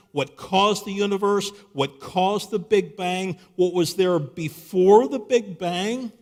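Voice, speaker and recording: A man with a high voice gives a live apologetics talk in a large church hall. He tells the story as he goes and keeps asking his listeners rhetorical questions. A long reverb trails behind every phrase. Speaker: Christian apologetics speaker.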